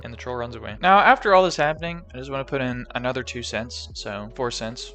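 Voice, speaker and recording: A man's voice: mid-range voice, quick pace, hardly any pauses, sharp tone, faint music behind. A young man casually recapping a movie, rambling and joking with lots of fillers.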